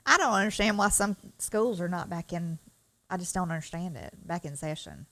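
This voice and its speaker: A woman's voice: fairly low pitch, animated, normal speed, fairly bright tone. A woman, co-hosting a casual news chat and talking earnestly and with feeling. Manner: earnest, emotional, Southern phrasing. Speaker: co-host.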